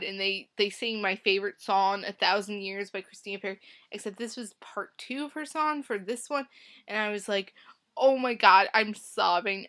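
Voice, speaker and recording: A woman talking straight to camera in a casual vlog, rambling and gushing with constant "like"s and restarts. Her voice sits at an ordinary middle pitch for a woman. She swings from loud, excited bursts to quiet asides. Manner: emotional, jumps between loud outbursts and soft asides. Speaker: vlogger reviewing a film.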